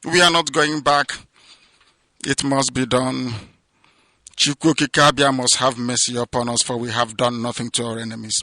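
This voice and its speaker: A man with a Nigerian accent giving an impassioned radio address, declaiming with loud peaks that drop to low, hushed passages. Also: level tone, normal speed, no echo. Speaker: movement leader giving a radio broadcast.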